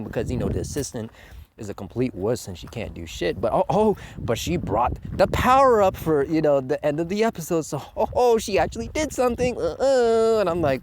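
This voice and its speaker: A man ranting in a casual video review, profane and mocking, breaking into high mocking quotes. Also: sing-song, a little fast, noisy background. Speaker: show reviewer.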